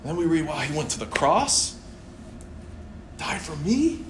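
A young man preaching a sermon in a church, animated and playful, acting out voices as he tells the story. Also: on the high side, a little slow, background noise. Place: church hall. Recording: echoey church room, faint ambience.

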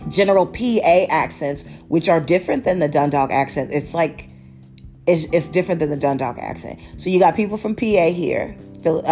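A woman's voice: low-pitched, darkish tone. A woman podcast host from Baltimore chatting casually about a TV series, rambling with restarts and fillers. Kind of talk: casual TV review chat.

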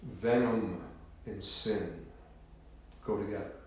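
Man, preacher, sermon, solemn, emphatic, very slow delivery, booming reverberant church. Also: darkish tone. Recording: very echoey room.

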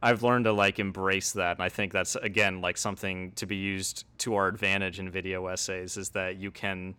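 A young man on a podcast talks things through in a relaxed, reflective way. His voice is low but bright and forceful, and he lays out his points at length in casual conversation. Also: moderate pace, clear, resonant tone. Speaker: podcast guest, video essayist.

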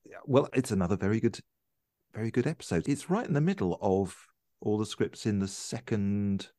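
Man, casual podcast chat, rambling restarts, slightly low voice, dry sound. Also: normal speed, dark tone, no echo. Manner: chatty, trailing off with restarts.

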